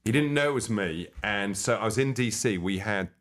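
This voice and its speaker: A man with a fairly low voice, a comedian guest spinning animated anecdotes in a casual interview. He tells things with lively energy in relaxed conversation. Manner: animated, quick to slip into voices.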